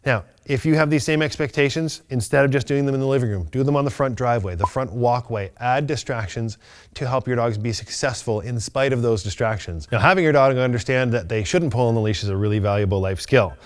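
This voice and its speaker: A man teaching loose-leash walking to a dog on camera, explaining each step calmly and methodically, with bright bursts of praise. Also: mid-range voice, a little fast. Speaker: dog trainer. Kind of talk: instructional video demonstration.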